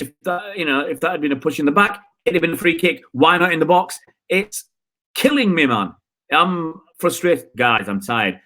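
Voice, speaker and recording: A man hosting a live football stream, ranting in frustration and answering viewer comments with rhetorical questions. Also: a little high. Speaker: football channel host.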